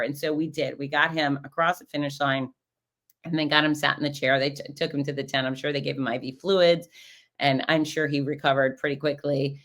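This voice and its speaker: A woman hosting a show, telling stories in a casual, animated way and acting out the voices of the people in them. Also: sits low, brisk. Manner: animated, acts out quoted voices. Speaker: podcast host and race announcer. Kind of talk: casual storytelling recap.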